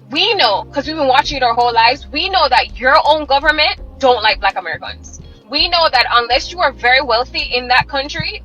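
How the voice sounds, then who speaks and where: A woman's voice: high voice, bright, forceful tone, highs cut off. A woman speaking in a lecturing, scolding way.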